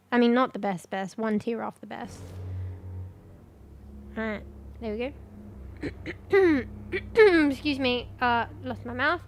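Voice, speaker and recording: A woman's voice: fairly high pitch, slow pace, pauses often. A young Australian woman chatting casually with her stream chat while gaming, swearing freely and offhand.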